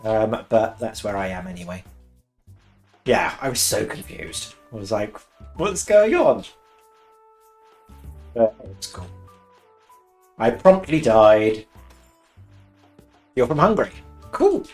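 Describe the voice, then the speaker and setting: A man from England's West Country chatting casually while streaming a game, excitable, laughing often and swearing now and then. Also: on the low side, slow pace, pauses often. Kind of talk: casual live-stream chat while gaming. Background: faint cheerful game music.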